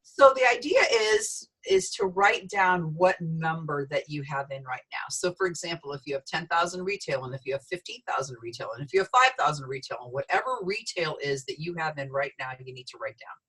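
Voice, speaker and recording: A middle-aged woman giving an animated sales training talk, telling stories with voices for the people in them. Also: sits low, a little fast, few pauses, husky, poor audio. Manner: storytelling, lively quoted voices.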